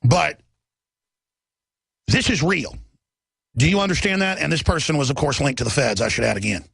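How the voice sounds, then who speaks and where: Agitated talk-radio host, man, middle-aged; raised pitch, dry close studio mic. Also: lively intonation, moderate pace, gravelly, fairly bright tone, slightly rough, no room sound. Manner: agitated, ranting, repetitive rhetorical questions.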